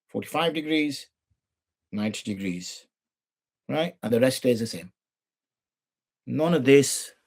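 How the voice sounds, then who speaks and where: Husky British man teaching religious law. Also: medium pitch. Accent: British English. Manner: demonstrative, rhetorical questions, mock dialogue. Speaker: mufti teaching Islamic law. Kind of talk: informal teaching talk.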